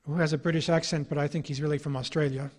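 Spinning stories for an audience, this middle-aged author lectures with dry irony in a voice a bit higher than typical for a man. He talks fast in a steady, slightly mellow tone.

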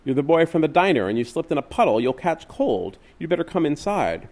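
A man voicing a faded older actress who fusses gently over a young man. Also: a little high, sing-song, fairly quick. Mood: doting. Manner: gentle, doting. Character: faded older actress, the motherly Snow Queen.

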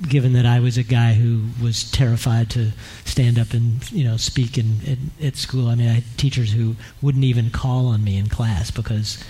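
Husky, mellow-voiced male screenwriter. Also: medium pitch, normal speed, few pauses. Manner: relaxed, anecdotal, with restarts. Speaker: screenwriter guest. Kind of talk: casual onstage conversation.

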